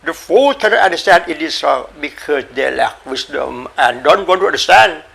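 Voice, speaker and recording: Gravelly, bright-voiced man giving a dharma talk. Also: a little high, lively intonation. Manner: repetitive, halting, coughs and says sorry, playful animal sounds. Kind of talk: informal spoken dharma talk.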